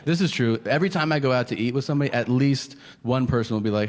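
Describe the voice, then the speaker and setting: A man's voice: mid-range voice, fast. A man performing self-deprecating stand-up comedy, acting out little voices.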